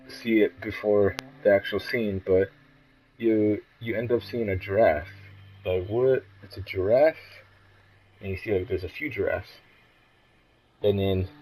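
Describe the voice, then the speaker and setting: A man's voice: lowish voice, mellow, low-quality recording. A young man casually retelling events from a video game, rambling with lots of "like" and restarts. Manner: rambling, many fillers and restarts. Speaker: gamer retelling a story. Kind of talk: casual spoken recap.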